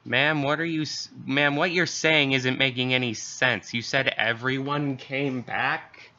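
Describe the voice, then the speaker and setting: A man voicing a police officer taking an emergency call, giving measured instructions in a creepypasta reading. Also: mid-range voice, steady tone, pushed and bright. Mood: concerned. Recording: dull lo-fi recording.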